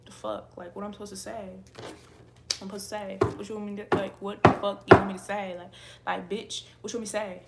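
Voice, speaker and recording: Wściekła kobieta przeklinająca do widzów. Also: female voice, medium pitch, little pitch movement, fairly quick, creaky, heavy background noise. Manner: angry, profane, repetitive, laughing. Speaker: tarot reader. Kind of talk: ranting to livestream viewers.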